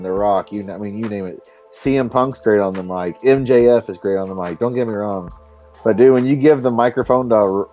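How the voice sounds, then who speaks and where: A man hosting a live stream, talking in a rambling, profane, animated way. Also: lowish voice. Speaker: stream host. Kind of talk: casual chat.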